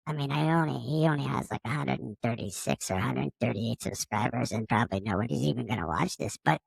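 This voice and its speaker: Gravelly low-voiced alien guy, played by a man, immature, rambling, loves swearing, dry close sound. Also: fast talker, dry recording. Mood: chatty. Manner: rambling, casual, fond of swearing. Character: friendly, immature male space alien taking over a podcaster's body. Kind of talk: casual improvised monologue.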